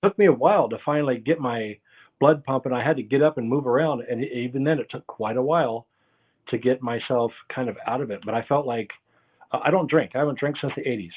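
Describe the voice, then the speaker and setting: A man talks through his stories as a guest, circling back and losing his thread as he goes. His voice sits at an everyday middle pitch. It comes through thin and tinny, like a phone line on a video call. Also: fast talker, husky. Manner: rambling, loses his train of thought. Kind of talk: casual interview storytelling.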